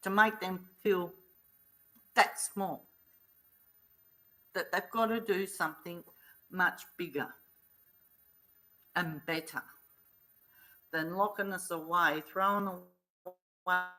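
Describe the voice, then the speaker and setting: Slow, bright-voiced middle-aged woman. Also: lowish voice, rough recording. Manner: slow, earnest retelling with blunt colloquial talk. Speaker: vlogger. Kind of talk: casual storytelling vlog.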